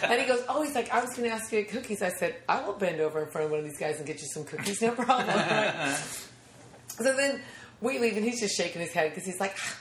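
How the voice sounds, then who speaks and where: A woman's voice: mid-range voice, fast talker, reverberant, slight background noise. A woman comedian in her thirties telling stories in casual chat, acting out other people's voices and laughing often. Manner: animated, acts out quoted voices, laughs often. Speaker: comedian guest.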